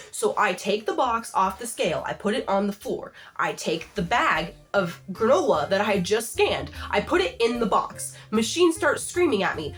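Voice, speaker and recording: A young adult woman telling a comedic storytime rant in a vlog, exasperated and animated, peppered with "like". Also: medium pitch. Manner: exasperated, animated, heavy use of "like". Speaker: vlogger.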